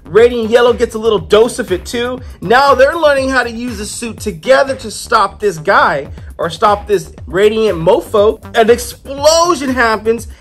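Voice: medium pitch, lively intonation, moderate pace, few pauses, fairly bright tone, faint music behind. A comic book reviewer in a casual, chatty style, retelling the story loosely with playful asides.

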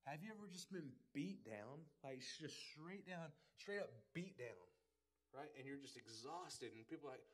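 A man's voice: fairly high pitch, animated, normal speed. Folksy man preaching a sermon. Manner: folksy and joking, repeats words often. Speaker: pastor. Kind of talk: casual conversational sermon.

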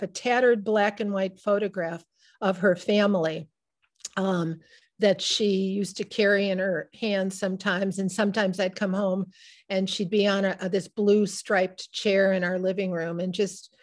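A woman in her sixties, an author being interviewed, telling personal family stories in a halting, emotional way with many restarts. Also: mid-range voice, steady tone. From Midwest United States. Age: 60s. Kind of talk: reflective personal storytelling.

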